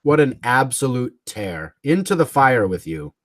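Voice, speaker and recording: A man's voice: medium pitch, sing-song, unhurried, dry recording. A man hosting a livestream, ranting in a combative, mocking way, swearing and chuckling between jabs. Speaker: livestream host.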